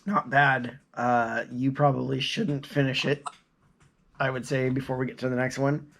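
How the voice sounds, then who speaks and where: A man's voice: medium pitch, little pitch movement, moderate pace, gravelly, a bit bright. A man co-hosting a casual podcast chat, easygoing and steering the talk. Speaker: podcast co-host.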